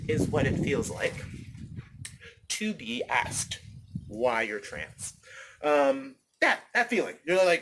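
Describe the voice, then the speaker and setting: A man ranting casually into his phone outdoors in the wind, rambling, animated, swearing freely and repeating himself. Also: fairly high pitch, slow pace, pauses often. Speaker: vlogger. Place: outdoors, windy.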